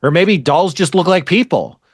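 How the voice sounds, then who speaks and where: A man's voice: fairly high pitch, lively intonation, moderate pace, no room sound, clean studio sound. A man hosting a podcast, chatting casually about an anime, rambling with frequent restarts and casual swearing. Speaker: podcast host.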